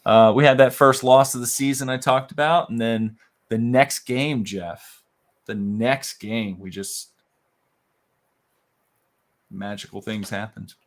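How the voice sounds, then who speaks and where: A middle-aged man co-hosting a casual chat show, easygoing and quick to laugh. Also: mid-range voice. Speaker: co-host.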